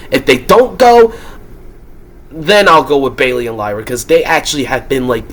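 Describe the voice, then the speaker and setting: A man losing his voice, giving heated, frustrated wrestling predictions in a ranting vlog and breaking into loud, swearing outbursts. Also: mid-range voice. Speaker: wrestling commentator and YouTuber.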